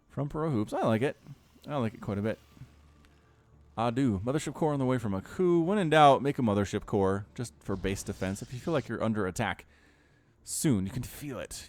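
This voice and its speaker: A man's voice: mid-range voice, no echo. A man commentating a strategy game replay in a chatty way, talking straight to his viewers. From United States. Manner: animated, chatty, addresses viewers directly. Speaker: esports caster.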